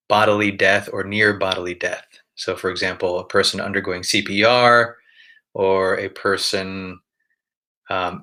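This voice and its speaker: A man with a lowish voice and a forceful, bright tone speaks in an interview. He explains things in an orderly way, defines his terms and gives examples, with the occasional filler. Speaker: doctor describing a near-death-like experience.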